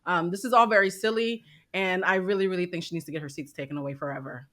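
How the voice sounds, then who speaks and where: A woman co-hosting a gossip talk show, animated and sarcastic. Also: lowish voice, quick pace. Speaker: co-host. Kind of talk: casual gossip show chat.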